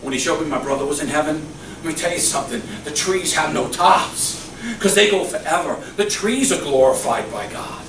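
A middle-aged male pastor preaching a sermon, swinging from loud exclamations to soft, low murmurs, recorded in a church. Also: animated, brisk. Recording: echoey church hall, mic at a distance, faint hum.

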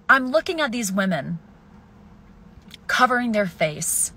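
A young woman ranting furiously and profanely at the camera, swinging between shouts and hushed hisses. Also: high voice, sing-song, a little slow. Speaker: video poster. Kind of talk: angry self-filmed rant.

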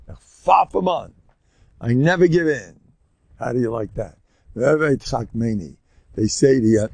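A man's voice: medium pitch, gravelly, warm tone, no echo. An older man, a rabbi giving an informal lecture, telling stories animatedly with rambling asides and Yiddish words sprinkled in.

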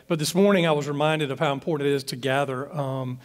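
Pastor in an echoing church hall. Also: male voice, fairly high pitch, quick pace. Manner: conversational, rambling, restarts phrases. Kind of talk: informal talk to church leaders.

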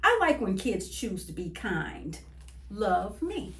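Woman, children's story reader, slow and lilting, echoey room. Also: mid-range voice, slight background noise. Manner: expressive, sing-song storybook reading. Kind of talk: reading a picture book aloud to children.

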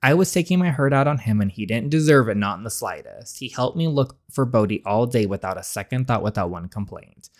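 A man's voice: mid-range voice, expressive, a little fast, hardly any pauses, close to an everyday voice. A man reading an earnest southern older sister. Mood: remorseful. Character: young southern woman, protective older sister.

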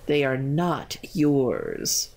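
A woman voicing a stern, knowing male black cat in a storybook, speaking low and firm. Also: wildly swooping pitch, very slow, vocal fry, a little mellow, exaggerated voice.

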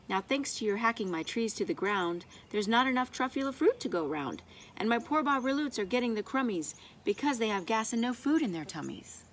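A woman's voice: on the high side, slight background noise, pitched above the performer's own voice. A woman reading aloud voices a cross little male forest creature who scolds in a snappish way.

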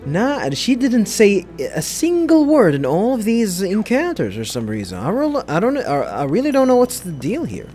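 A man talks through a video game in casual commentary, his voice set a little high for a man and swinging lively up and down. He hesitates often, stopping and restarting his sentences. Soft game music plays underneath. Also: normal speed, hardly any pauses. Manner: hesitant, full of fillers and restarts. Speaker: let's play host.

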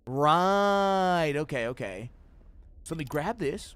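A young man doing loud, profane let's-play commentary on a horror game, screaming at jump scares. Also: a little high, animated, slow pace, clean tone. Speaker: gaming streamer.

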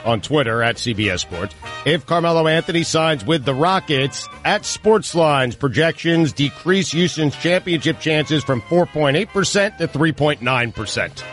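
A man co-hosting a sports radio show, reading a sponsor spot briskly. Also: a little high, expressive, a bit bright, faint music behind. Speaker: radio co-host. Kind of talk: casual banter and read ad.

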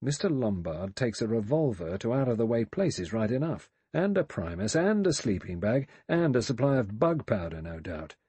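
A man voicing a blunt, suspicious middle-aged male ex-inspector who talks gruffly and colloquially. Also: mid-range voice, big pitch swings, normal speed, few pauses, dark tone, no echo.

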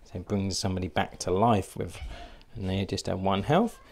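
A man's voice: deep voice, steady tone, moderate pace, vocal fry, a little mellow. A man narrating a solo board game playthrough, thinking aloud and hesitating with fillers as he works out each move.

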